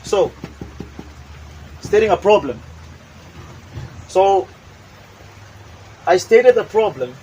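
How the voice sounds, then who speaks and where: A man's voice: sits high, animated, drawn-out words, pauses often, mellow, slightly rough, rough recording. A man giving a motivational talk, emphatic and repetitive, acting out examples as he goes. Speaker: motivational speaker. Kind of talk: motivational talk with acted demonstrations.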